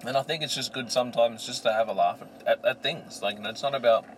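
A man with an Australian accent, co-hosting a podcast in a rambling, excitable casual chat. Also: medium pitch, fast talker. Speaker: podcast co-host. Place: in a moving car. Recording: distant mic, loud road noise.

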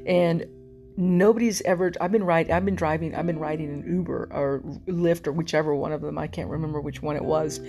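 A rideshare driver recounts her day from her parked car. Her voice sits low and gravelly, and she tells the story animated and indignant, slipping into voices for the people she quotes. A faint plucked guitar runs in the background. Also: brisk. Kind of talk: casual storytelling to camera.

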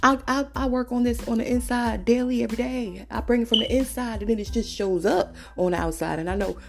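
A woman's voice: on the high side, brisk, vocal fry, soft background music. An American woman hosting a podcast, talking in an emphatic, profane, casual monologue that repeats points for emphasis. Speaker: podcast host. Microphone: podcast mic.

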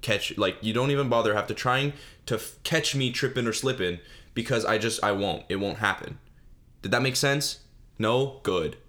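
A man's voice: lowish voice, normal speed, fairly bright tone. A young man hosting a solo podcast, telling a funny story in a rambling, self-mocking way with lots of fillers and restarts. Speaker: podcast host.

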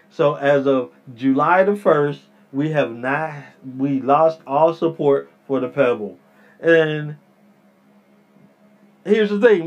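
A man talks through his own solo podcast in a rambling, repetitive way, often turning to his listeners directly. His voice sits a little high for a man and he speaks slowly. The recording sounds dull and lo-fi. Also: clear, resonant tone. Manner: rambling, repeats himself, addresses listeners as people. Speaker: podcast host. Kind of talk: casual solo podcast rant.

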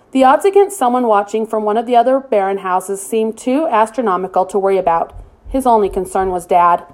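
A woman reading a novel aloud as an audiobook narrator, in a steady, expressive storytelling manner. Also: fairly high pitch.

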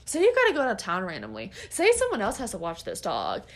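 A woman's voice: mid-range voice, wildly swooping pitch, quick pace. A woman dog trainer giving blunt, emphatic advice in casual talk, swearing freely and laughing often.

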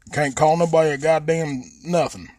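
A casual profane monologue comes from a West Virginia podcast host who rambles, swears freely, and drawls his vowels long into a close mic with a Southern Appalachian accent. His voice is on the high side and darkish, steady in tone and fairly quick, with no echo.

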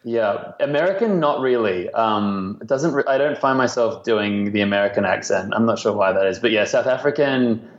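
A man's voice: on the low side, moderate pace, few pauses, dull audio. A man around thirty with an Australian accent, chatting casually as an interview guest, self-deprecating and full of fillers. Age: late 20s to 30. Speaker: guest, marketing executive.

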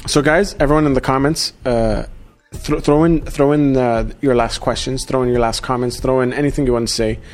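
Relaxed male podcast host. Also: medium pitch, fairly quick. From Australia. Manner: relaxed, chatty, stumbles on restarts. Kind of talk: casual podcast chat. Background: faint music.

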